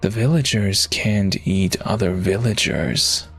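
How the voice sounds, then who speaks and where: A man reading a calm woman's grim legend. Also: deep voice, takes it slowly, vocal fry, husky, faint music behind, heavily acted. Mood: ominous. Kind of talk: reading a visual novel aloud.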